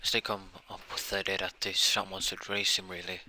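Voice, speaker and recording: A man improvising a fan-fiction story out loud, rambling and correcting himself often. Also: sits low, completely flat delivery, fairly quick. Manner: rambling, frequent self-corrections.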